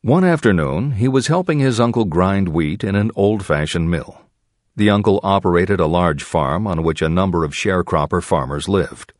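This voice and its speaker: A man reading a self-help audiobook aloud in measured, expressive storytelling. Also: low voice, dry recording, studio quality. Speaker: audiobook narrator. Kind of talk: scripted audiobook narration.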